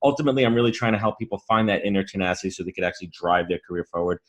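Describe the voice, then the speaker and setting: A man's voice: sits low, very fast, a bit bright. A man, a podcast guest telling brash, swearing stories in a casual interview. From New York.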